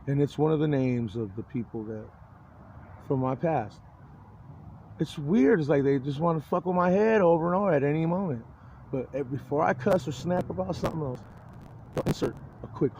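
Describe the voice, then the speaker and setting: A man's voice: fairly high pitch, animated, normal speed, darkish tone, slight background noise. A middle-aged man in a rambling personal monologue, agitated and profane, often breaking off and restarting his sentences. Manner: profane, swears heavily. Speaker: vlogger.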